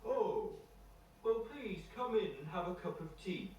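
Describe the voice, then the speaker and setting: A man's voice: high voice, expressive, a little slow, a little mellow, highs cut off, a little hiss or hum, pitched above the performer's own voice. A man voicing a male bear who growls at first and then turns apologetic and hospitable, in an echoey room heard from far off. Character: growling bear, gruff but friendly, male.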